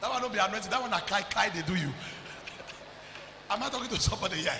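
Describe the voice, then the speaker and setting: A Nigerian preacher delivers a fervent sermon, his high, swooping voice leaping into sudden shouts. His tone is bright and piercing with a gravelly edge, and it rings out through an echoey church hall with a long tail of reverb. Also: animated, fast talker, pauses often, a little hiss or hum. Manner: fervent preaching, bursts into shouts, mixes in pidgin. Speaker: pastor.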